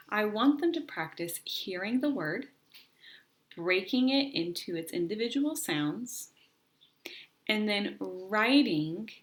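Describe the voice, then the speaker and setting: A woman explains spelling practice to parents in a calm, deliberate teaching voice set at a middle pitch. She slows right down to sound out each letter and sometimes drops into a soft whisper while modelling words. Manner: patient, deliberate, models sounds slowly and clearly. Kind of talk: instructional explanation.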